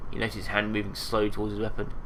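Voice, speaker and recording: A man's voice: on the low side, completely flat delivery, rapid-fire, a bit bright, slight background noise. A man with a stuffed-up nose, hosting a let's play, reading the game text aloud with casual asides. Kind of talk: game narration and commentary.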